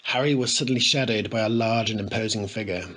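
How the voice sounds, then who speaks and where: A man narrating a comic story in a playful, expressive way. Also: fairly low pitch, fast talker. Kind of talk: storybook reading.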